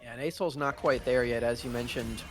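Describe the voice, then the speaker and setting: A man's voice: medium pitch, steady tone, fairly quick, music in the background. A man giving analytical color commentary on an esports match, chatty and light, often searching for words. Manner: chatty, laughing, fumbling for words.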